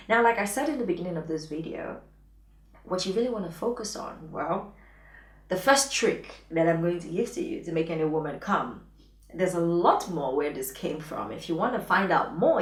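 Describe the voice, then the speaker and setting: Woman, intimacy coach; blunt and teasing, slips into whispers, mid pitch, roomy distant sound. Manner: frank and playful, often drops to a whisper. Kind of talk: advice vlog talking to camera. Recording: echoey room, voice distant from mic.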